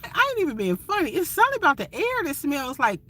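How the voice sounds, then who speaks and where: Woman van-life vlogger, chatty livestream talk, animated swooping voice, phone mic. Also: high voice, fast talker. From Ohio, USA. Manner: chatty, expressive, talks straight to viewers. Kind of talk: casual livestream chat.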